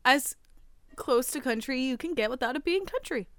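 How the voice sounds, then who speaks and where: A woman's voice: sits high, animated, normal speed, no room sound, clean studio sound. A woman co-hosting a podcast in casual chat, playful and giggly, swearing freely. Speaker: podcast co-host.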